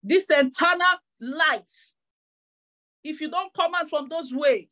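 High-pitched woman preacher; fervent sermon delivery, repetitive, stammering. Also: slow pace, a bit bright. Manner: fervent, repeats phrases, stammering restarts.

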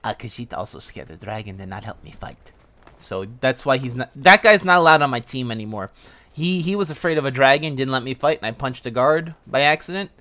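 A young man streaming a game, giving casual, joking commentary with excitable outbursts. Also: mid-range voice, brisk.

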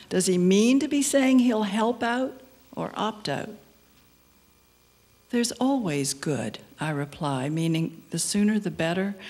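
Soft-spoken older woman reading poetry. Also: fairly low pitch. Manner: slow, measured reading with soft, hushed passages. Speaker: poet.

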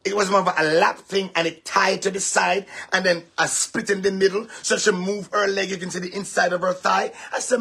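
A male pastor preaches to his listeners in a lecturing, emphatic way and at times raises his voice to a shout. His voice sits high for a man and is deeply raspy and husky, with a gravelly fry running through it. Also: flat delivery, a little fast, few pauses. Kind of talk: preaching talk to a congregation.

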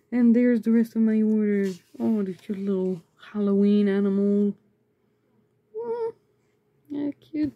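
A woman chatting casually as she unboxes sticker mail, excitable and chatty, breaking into high squeals over cute things. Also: measured pace, narrow, tinny audio. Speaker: vlogger.

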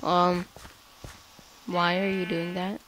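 A woman casually chatting while playing a game, playful and excitable, guiding a new player. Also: fairly low pitch, slow, faint music behind, low-quality recording. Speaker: gameplay host. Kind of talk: casual gaming chat.

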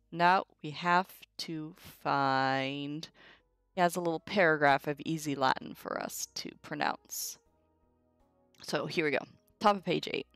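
A young woman runs a casual livestream Latin lesson, talking slowly and informally with side remarks to her viewers. Her voice sits a little low and is recorded dry and close, with faint music playing behind her. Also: dry recording. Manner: chatty and informal, with asides to chat. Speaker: Latin tutor streaming a live lesson.

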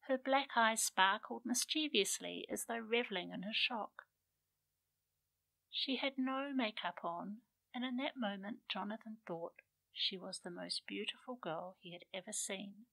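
A woman author reading aloud her romance novel in an unhurried, intimate storytelling manner. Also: medium pitch, vocal fry, pushed and bright, no room sound, rough recording. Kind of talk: audiobook narration.

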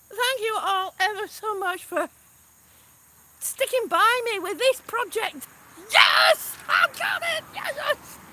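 A woman vlogging outdoors while flying a drone, out of breath and excited, laughing often. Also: extremely high pitch. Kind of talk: casual live vlog.

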